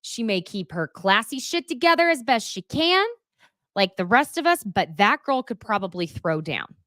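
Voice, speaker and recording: A woman's voice: mid-range voice, normal speed, no echo. Sassy woman host, dry close sound. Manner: sassy, animated, swears and laughs often. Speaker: host of a live recap show. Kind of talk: casual reality-TV recap commentary.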